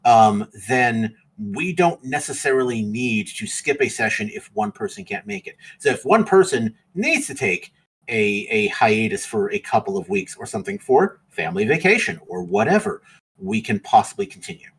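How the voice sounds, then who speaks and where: A man's voice: lowish voice, sing-song, normal speed, fairly bright tone, breathy edge, low-quality recording. A man acting as game master, chatting casually and rambling a bit with fillers as he wraps up a tabletop game stream.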